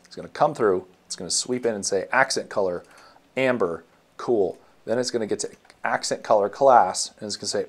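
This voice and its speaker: A man's voice: lowish voice, animated, moderate pace. A man walking through his code in a casual screencast, thinking aloud with many ums and self-corrections. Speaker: web developer teaching. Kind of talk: casual screencast coding walkthrough.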